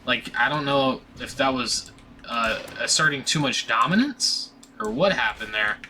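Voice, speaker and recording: Bright-voiced young man telling a story. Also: mid-range voice, expressive, measured pace, slight background noise. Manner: rambling, profane, with many restarts and fillers. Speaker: vlogger. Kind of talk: casual storytime.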